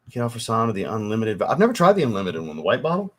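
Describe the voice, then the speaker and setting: A man hosts a casual fragrance livestream from home, talking loosely and swearing freely as he answers viewers. He is getting over a cold and coughs now and then. His voice sits a bit low. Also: wildly swooping pitch, rapid-fire. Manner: loose and profane, swears often. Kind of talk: casual livestream chat reading comments.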